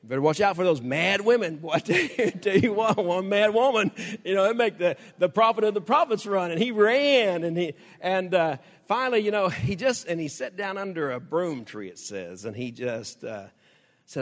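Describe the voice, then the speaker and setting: A man's voice: high-pitched, long reverb tail. An older man, preaching a conversational sermon in a folksy way, laughing often and acting out quoted prayers.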